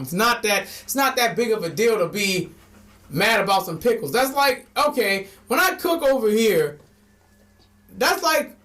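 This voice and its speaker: A young man co-hosting a casual podcast chat, animated and swearing, acting out customers in quick quoted voices. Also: high voice. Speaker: podcast co-host.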